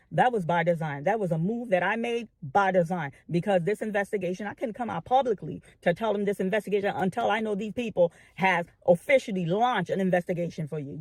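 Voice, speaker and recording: A woman's voice: medium pitch, a little mellow, no echo, clean studio sound. A woman commentator making an impassioned address to her online followers, repeating phrases and stalling on long "um" fillers. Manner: addresses the audience as family.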